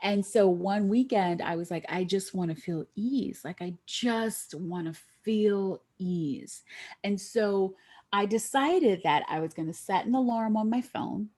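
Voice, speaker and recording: A middle-aged woman guest telling a lively story in a podcast interview, acting out the voices of the people she quotes. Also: moderate pace. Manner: animated, acts out quoted voices with big pitch jumps.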